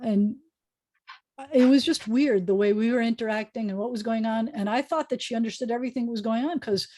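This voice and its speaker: A woman rabbi teaches a casual online class over a video call, chatting and thinking aloud with many fillers. Her voice is fairly high-pitched and mellow, and she speaks briskly.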